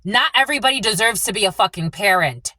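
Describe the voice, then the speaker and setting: Woman channeler, casual reading monologue; bright, forceful voice, swears freely, dry close sound. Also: medium pitch, lively intonation, quick pace, no echo. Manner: rambling, profane, blunt. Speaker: spiritual channeler and tarot reader.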